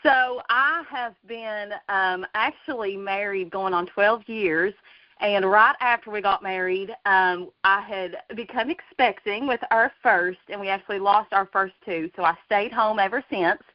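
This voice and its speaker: A woman's voice: mid-range voice, measured pace, no echo. Woman, 30s, earnest storyteller, dull dry call audio. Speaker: guest. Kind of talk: casual personal story.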